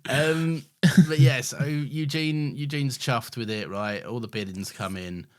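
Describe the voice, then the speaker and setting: A man's voice: mid-range voice, fairly even intonation, unhurried. A man, co-hosting a podcast in casual chat, recapping an episode and laughing a lot. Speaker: podcast co-host.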